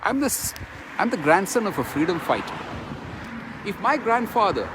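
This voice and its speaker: This middle-aged Keralite man, speaking Indian-accented English, delivers a fervent testimony directly to the camera and repeats phrases for emphasis. His high-sitting voice swings widely in pitch at a normal speed over background noise.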